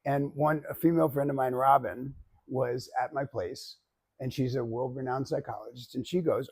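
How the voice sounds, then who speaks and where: A man teaching public speaking, giving an animated, joking demonstration speech straight to his class. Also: medium pitch, normal speed, husky. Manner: animated and joking, addressing the audience directly.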